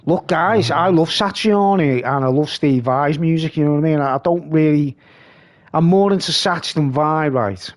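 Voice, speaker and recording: A man's voice: a little high, normal speed. A man hosting a live stream, rambling casually and reading comments aloud.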